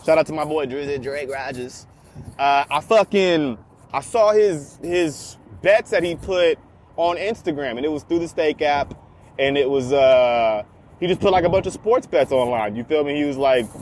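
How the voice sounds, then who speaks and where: A man's voice: fairly high pitch, slight background noise. A man in his twenties talking casually while driving, rambling and joking with constant profanity. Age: 20s. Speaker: vlogger. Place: in a car on city streets.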